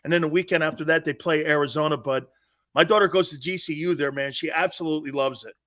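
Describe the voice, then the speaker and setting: A middle-aged man hosting a sports talk show, brash and jokey, loud and given to repeating himself. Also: fairly high pitch, fast talker.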